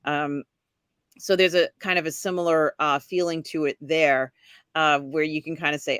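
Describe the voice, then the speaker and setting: Bright-voiced woman host, dry close mic, rambling and chatty. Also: low voice, fairly even intonation, moderate pace, clear, resonant tone, dry recording. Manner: rambling, many fillers, laughs while talking. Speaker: podcast host. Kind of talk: casual live-stream chat.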